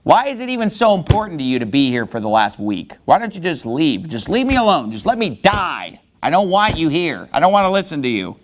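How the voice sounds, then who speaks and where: Man doing a high, lively shouting grieving man, bitter and sarcastic. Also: fairly quick, few pauses.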